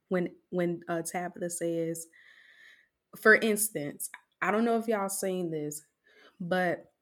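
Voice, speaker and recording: A woman hosting a casual podcast discussion, speaking in a conversational, reflective way with frequent restarts. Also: medium pitch. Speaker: podcast host.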